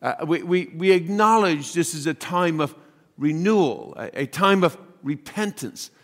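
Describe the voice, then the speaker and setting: Halting, chatty priest in a reverberant church. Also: male voice, a little high, lively intonation. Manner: chatty, halting, acts out voices in his story. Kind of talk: homily with personal storytelling. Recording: long hall reverb.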